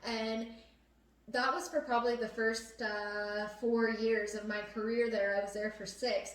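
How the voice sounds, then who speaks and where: A woman's voice: a little high, flat delivery, a little slow. A young adult woman hosting a casual chat, talking earnestly with many fillers. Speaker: host. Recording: echoey room, mic at a distance.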